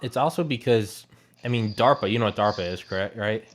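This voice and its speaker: A man's voice: lowish voice, brisk. A man in casual chat, eager and swearing, with lots of agreeing and restarts.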